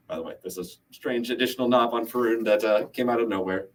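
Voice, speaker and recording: A man's voice: medium pitch, steady tone, fast, distant mic, a little hiss or hum, low-quality recording. A man reading his own story aloud on a live stream, casual and hesitant with fillers as he sets the scene. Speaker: bookstore reader. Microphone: live stream setup.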